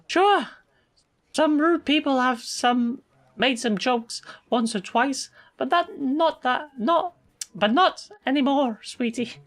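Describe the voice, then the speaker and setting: A woman's voice: high voice, slow pace, voice pushed up. A woman voicing game dialogue for a condescending older female coworker who calls everyone sweetie. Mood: sweetly menacing. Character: sugary, sharp-tongued older woman coworker.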